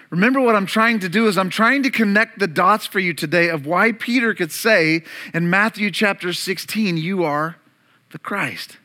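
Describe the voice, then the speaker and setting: High, bright-voiced animated man preaching. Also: moderate pace. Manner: animated preaching, acts out disciples' panic and Jesus' calm. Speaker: pastor. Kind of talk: sermon. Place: church room.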